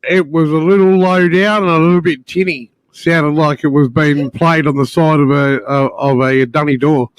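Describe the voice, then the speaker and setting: A chatty Australian man rambles along, tripping over his words, repeating himself and dropping "mate" every few lines. His voice sits a little high for a man, and the sound is dry and close. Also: steady tone, normal speed, clean tone, no echo. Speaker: guest caller. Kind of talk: casual chat.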